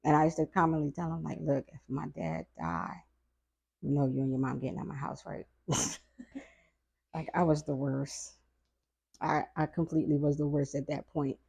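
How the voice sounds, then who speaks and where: A middle-aged woman guest on a podcast, telling a family story in a casual, animated way and acting out the voices of people she quotes. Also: sits low, moderate pace, creaky, pauses often, husky.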